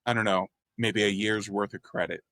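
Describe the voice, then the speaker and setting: In a dry recording, a lower-voiced man talks at normal speed as a guest, sharing candid stories. An artist and real estate developer from the Philadelphia area, he animatedly performs the voices of the people involved and lets mild profanity slip.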